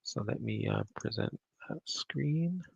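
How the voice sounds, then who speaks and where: A man's voice: mid-range voice, animated, unhurried, gravelly, a little mellow, slightly rough, dry recording. A man teaching and then commenting on news clips in a loose, conversational way, with scornful asides. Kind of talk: casual online commentary. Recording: dull lo-fi dry sound.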